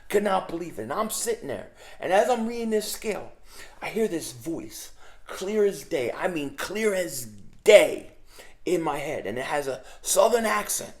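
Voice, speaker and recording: A middle-aged man rants to camera about his team, his voice sitting a little higher than most men's. He talks casually and emphatically, hammering the same phrase again and again as he gets worked up. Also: echoey room. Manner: emphatic, repetitive, excitable. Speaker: sports vlogger. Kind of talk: casual fan rant to camera.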